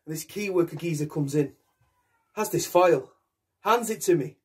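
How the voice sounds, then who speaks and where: A young man delivers a solo theatre monologue in a raw, intense voice, switching between characters as he speaks. His voice sits high, and it carries a husky edge. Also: moderate pace. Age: young adult. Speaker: actor.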